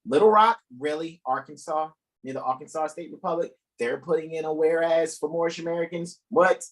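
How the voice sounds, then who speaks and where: A man hosting a live talk stream, emphatic and profane, often bursting into loud, incredulous questions. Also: a little high, fairly even intonation, a little fast, hardly any pauses, rough recording. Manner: profane, keeps asking "right?". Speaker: host. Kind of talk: animated livestream talk.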